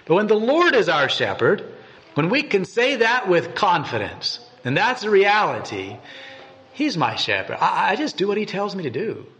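A man's voice: high-pitched, sing-song, normal speed, fairly bright tone. A man giving a devotional meditation and reading scripture aloud in an earnest way, often repeating and restarting words. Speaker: preacher.

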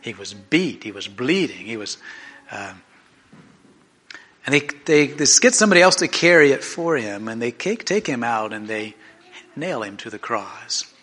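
A man preaching a sermon in an animated, conversational way, often restarting his sentences. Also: medium pitch, normal speed. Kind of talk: sermon storytelling.

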